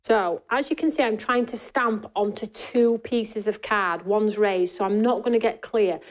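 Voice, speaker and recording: A woman's voice: mid-range voice, steady tone, measured pace. A woman hosting a live craft demonstration in a studio, chatting to her viewers and answering their comments as she works. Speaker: craft show host.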